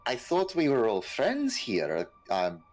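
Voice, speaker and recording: A man voicing a smooth-talking nobleman who hesitantly tries to keep the peace. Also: mid-range voice, wildly swooping pitch, slow pace, voice pushed up, exaggerated voice, poor audio. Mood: placating.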